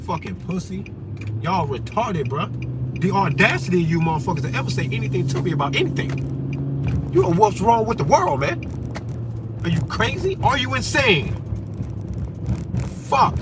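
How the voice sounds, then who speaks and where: A man delivering a brash, profane, combative rant as a vlogger, with faint vehicle noise behind him. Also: sits high. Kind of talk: profane ranting monologue.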